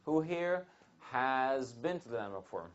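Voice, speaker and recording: A man giving a motivational seminar talk to a live audience, telling a personal story with animated delivery and questions to the room. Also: mid-range voice, measured pace, highs cut off. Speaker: seminar speaker.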